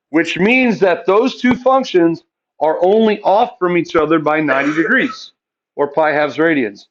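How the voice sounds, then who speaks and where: A man's voice: sits high, muffled recording. A male math teacher lecturing a classroom, asking the students questions and answering them himself.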